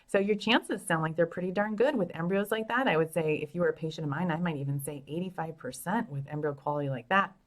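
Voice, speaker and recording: A woman's voice: on the low side, quick pace, few pauses. A woman fertility doctor hosting a casual live question-and-answer show, talking in a chatty, upbeat and frank way into a phone, now and then laughing at herself.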